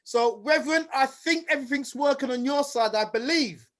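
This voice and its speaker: A man hosting an online event, energetic and playful, rattling off shout-outs over a video call. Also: very high voice, normal speed. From United Kingdom. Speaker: host.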